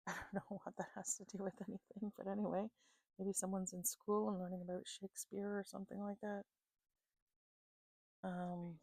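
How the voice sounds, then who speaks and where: A woman with a warm, mellow voice gives an intuitive psychic reading to her viewers. She speaks unhurriedly, fills pauses with "um", and keeps checking in with "okay?". The sound is dry and close, with no room echo. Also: mid-range voice, gravelly. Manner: unhurried, many fillers and "okay?" check-ins. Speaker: psychic reader.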